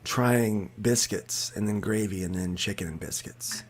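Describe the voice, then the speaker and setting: A man's voice: fairly low pitch, a little slow. A man casually telling a funny story on a podcast, laughing as he goes. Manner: joking, laughs mid-story.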